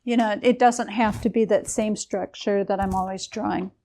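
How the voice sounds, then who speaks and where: A woman's voice: medium pitch, fairly even intonation, normal speed, a little mellow, a little hiss or hum. A woman lecturing a chemistry class in a casual, explanatory way, with a few fillers as she goes.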